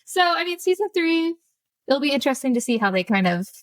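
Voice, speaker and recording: A woman's voice: high voice, very animated, a little fast, no room sound. A woman co-hosting a podcast in casual chat, talkative and laughing often, drifting into tangents. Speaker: podcast co-host.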